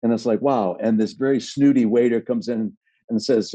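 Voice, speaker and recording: A man guest on a podcast telling animated, rambling stories in casual chat. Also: medium pitch, moderate pace, no echo, lo-fi sound.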